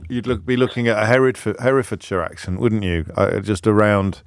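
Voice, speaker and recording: A man's voice: lowish voice, fairly even intonation, a little fast, dry recording, studio quality. A man hosting a radio phone-in, talking casually in a chatty, wry, self-mocking way. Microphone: studio microphone.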